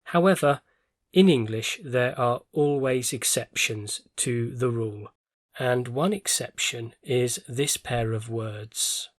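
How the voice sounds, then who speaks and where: A male English teacher talks through a vocabulary lesson at an unhurried pace, every word set down clearly and deliberately. His voice sits at an ordinary pitch and is recorded very dry and close, with no room sound around it. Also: no room sound. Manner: clear, measured explanation with careful word stress.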